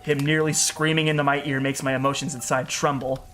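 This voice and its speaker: A man's voice: mid-range voice, little pitch movement, brisk, few pauses, fairly bright tone, soft background music. A man giving an earnest, emotional first-person story narration as a storyteller.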